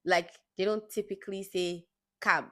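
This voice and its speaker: Young woman, vlogger, casual chat to camera, storytelling, laughing asides, mid pitch. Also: fairly even intonation, moderate pace, bright, forceful tone.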